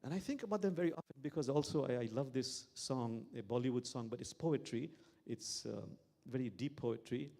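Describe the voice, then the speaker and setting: A man's voice: mid-range voice, brisk, gravelly, dark tone. A man, an imam, giving a reflective sermon with stories and repeated key phrases. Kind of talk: sermon with storytelling.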